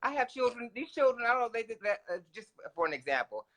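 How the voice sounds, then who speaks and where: A man co-hosting a casual talk show, giving lively advice and jumping in with quick asides. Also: extremely high pitch. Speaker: podcast co-host.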